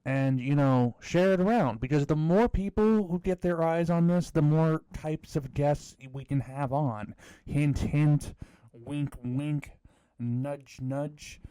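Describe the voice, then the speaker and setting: A man's voice: a little high, slow pace, warm tone, clear, resonant tone, no room sound. A man hosting a podcast in casual chat, rambling with many fillers and self-mocking jokes. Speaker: podcast host.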